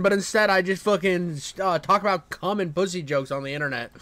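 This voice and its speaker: A man's voice: high voice, animated, quick pace, few pauses, bright, forceful tone, no echo. A man reacting to videos with profane, mocking rants as a streamer. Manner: ranting, crude, mocking.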